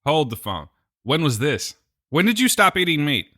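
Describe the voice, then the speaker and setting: A man's voice: on the high side, big pitch swings, normal speed, bright, forceful tone. A man co-hosting a podcast, bantering in casual chat with dry teasing jokes. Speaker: podcast co-host.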